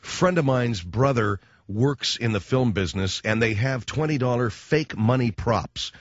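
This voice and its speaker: A male radio talk host rambles through a comic monologue, his pitch leaping up and down as he jokes and acts out little scenes. The sound is dry and close, a bit dull, as from an old studio broadcast. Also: expressive, measured pace, dry recording.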